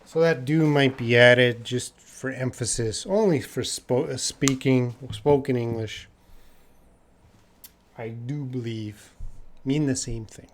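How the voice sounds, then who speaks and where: There's a little hiss or hum behind this young Canadian man's medium-pitched voice as he teaches English live. He casually answers the chat's questions and repeats phrases at a slow pace for learners.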